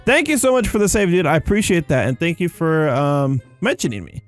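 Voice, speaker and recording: A young gaming YouTuber gives loose, rambling commentary on a sandbox game, tired yet quick to get excited. His fairly high voice jumps around a lot, and he says "dude" and "you guys" with excitable energy. Faint music plays underneath.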